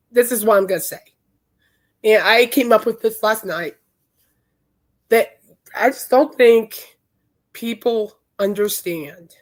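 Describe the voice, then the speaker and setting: A woman podcast host, hoarse from singing, talking in a chatty, emphatic and indignant way. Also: medium pitch. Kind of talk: casual chat.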